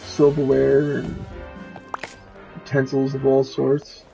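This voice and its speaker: A man's voice: mid-range voice, monotone, slow, vocal fry, mellow, faint music behind, low-quality recording. A man streaming a game with casual commentary. He reads the quest text and the characters' lines aloud.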